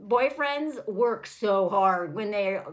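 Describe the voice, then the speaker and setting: A woman's voice: medium pitch, expressive, slow. A woman giving a casual, sarcastic and mocking recap of a film, chatting straight to her viewers. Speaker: film reviewer.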